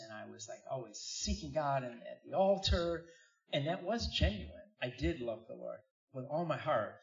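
A middle-aged man preaching a sermon, telling a personal story with lively asides to the congregation. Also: mid-range voice. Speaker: pastor. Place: church hall. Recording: roomy, distant, dull church recording.

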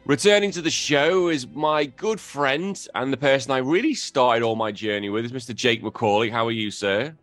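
A man's voice: medium pitch, moderate pace, hardly any pauses, fairly bright tone, soft background music. A man hosting a casual gaming podcast, rambling and self-correcting with a joking tone. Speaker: podcast host.

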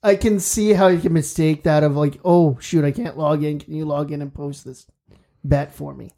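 Gravelly, mellow-voiced podcast co-host. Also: medium pitch, steady tone. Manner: quick reactions and laughing jabs. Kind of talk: casual sports chat.

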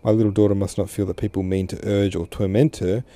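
A man reads as a patient, tender father, close to the reader's own low, dark voice. The tone stays calm and reassuring. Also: quick pace, no echo, lightly acted.

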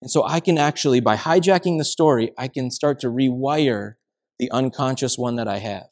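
A man's voice: medium pitch, normal speed, darkish tone. A man preaching a sermon as pastor, telling everyday stories in a conversational way. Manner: conversational storytelling with acted quotes.

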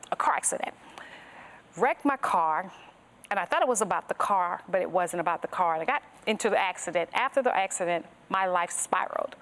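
A woman's voice: fairly low pitch, fairly bright tone. Earnest woman telling her faith testimony. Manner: earnest storytelling, strings thoughts with "and so". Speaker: guest sharing her testimony. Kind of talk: personal testimony in a podcast interview.

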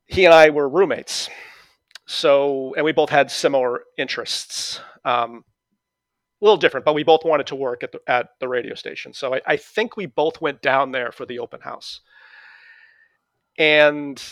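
A middle-aged man from New England with a New England accent, a guest calmly telling stories about his past with many fillers and restarts. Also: medium pitch, normal speed, no echo. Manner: relaxed storytelling with fillers and restarts. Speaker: interview guest. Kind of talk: conversational reminiscing.

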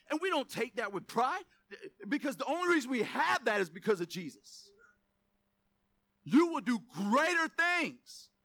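A male pastor preaching with animated energy, mixing in casual, joking asides. His voice is high and bright, and the recording is dry and close. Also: no echo. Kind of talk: sermon.

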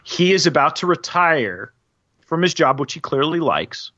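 A man co-hosting a casual film discussion, explaining in a halting way with many fillers. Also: a little high, very animated, bright, forceful tone, no echo. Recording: dull lo-fi dry sound.

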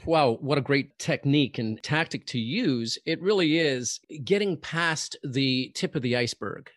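A man's voice: mid-range voice, unhurried, a bit bright, dry recording, studio quality. A man hosting an interview, speaking reflectively and correcting his own phrasing as he goes. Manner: reflective, rephrases himself mid-sentence. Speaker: interview host. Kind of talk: casual interview chat.

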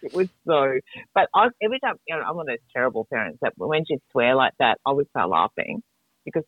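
A woman's voice: very deep voice, animated, fast, no room sound. Chatty woman on a tinny line. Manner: candid, rambling, swears freely. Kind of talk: casual chat. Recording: dry tinny phone-like sound.

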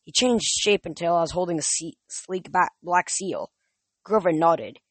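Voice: mid-range voice, moderate pace, fairly bright tone, husky, dry recording. Casual audiobook reader, many slips. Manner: casual, with frequent slips and restarts. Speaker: narrator. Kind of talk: audiobook reading.

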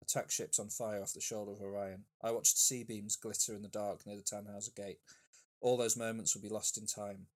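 Blunt, opinionated man with a lowish voice. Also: flat delivery, brisk. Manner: blunt, opinionated, with fillers and restarts. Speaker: podcast co-host. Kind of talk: casual chat.

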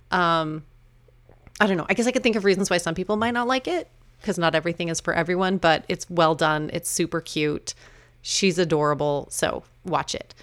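A middle-aged woman hosting her own podcast, talking casually and chattily with quick asides and laughs at herself. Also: low-pitched, no echo. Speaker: podcast host. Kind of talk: casual solo podcast talk.

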